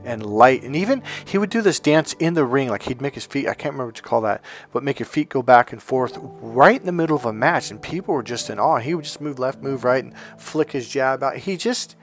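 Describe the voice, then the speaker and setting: A man giving a motivational self-help talk in a casual, animated way, telling personal stories and acting out what people said. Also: medium pitch. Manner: animated and conversational, acts out quotes.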